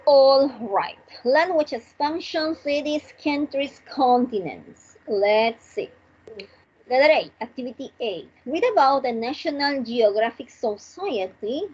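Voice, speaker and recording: A woman leads an online English class, talking slowly and repeating each word for practice. Her voice is very husky and fairly high, and it comes through a dull, lo-fi video call. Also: expressive, darkish tone. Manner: slow, drilling repetition, switching between English and Spanish. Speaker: English teacher.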